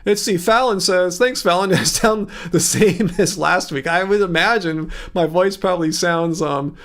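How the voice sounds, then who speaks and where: A man with a relaxed Southern Californian accent talks to his viewers in a loose, rambling livestream chat. His voice sits high for a man, and he laughs easily between thoughts. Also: normal speed. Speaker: livestream host.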